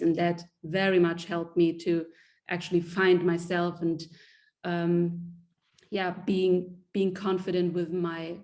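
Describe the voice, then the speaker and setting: Earnest woman with a mellow voice. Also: lowish voice. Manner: earnest, restarts sentences often. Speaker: guest. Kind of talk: reflective interview talk.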